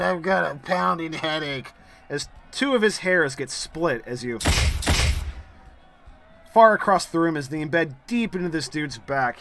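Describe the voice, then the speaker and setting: A man's voice: fairly high pitch, a bit bright. A man running a tabletop game as game master and stream host, narrating vividly and energetically with filler words.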